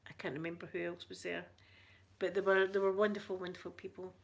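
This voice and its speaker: Soft-spoken woman with a thick Scottish accent. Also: lowish voice, level tone, quick pace, gravelly. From Scotland. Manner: chatty, laughs often, soft-spoken. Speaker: livestream host. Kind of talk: casual chat with live viewers.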